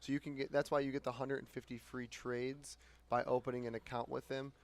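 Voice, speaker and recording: A man's voice: mid-range voice, flat delivery, a little fast. A man hosting a morning market talk show, thanking a guest and reading out sponsor notes in a loose, filler-heavy way. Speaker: show host. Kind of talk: casual chat.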